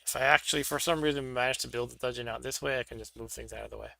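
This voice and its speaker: Gravelly, bright-voiced man chatting casually. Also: mid-range voice, huge pitch swings, very fast, no room sound. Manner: chatty, thinking aloud while setting up pieces. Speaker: board game streamer. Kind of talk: casual solo play-through commentary.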